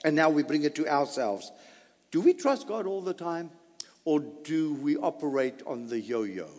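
A man preaching a sermon, swinging between loud emphasis and soft asides. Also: on the high side, expressive, a little slow. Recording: long hall reverb.

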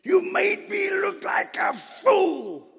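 A man voicing an angry prophet who shouts threats in a high, strained voice. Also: sing-song, takes it slowly, gravelly, exaggerated voice. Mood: furious shouting. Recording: echoey church hall reverb.

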